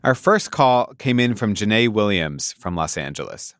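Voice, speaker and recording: A man's voice: lowish voice, expressive, moderate pace, fairly bright tone, no echo, clean studio sound. A man hosting a show, narrating between interview clips. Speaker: podcast host. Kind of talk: scripted narration.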